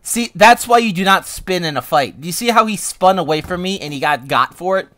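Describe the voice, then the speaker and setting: Excitable young man narrating his gameplay. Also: high-pitched, brisk. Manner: joking, excitable outbursts and laughter. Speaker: streamer. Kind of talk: casual gameplay commentary.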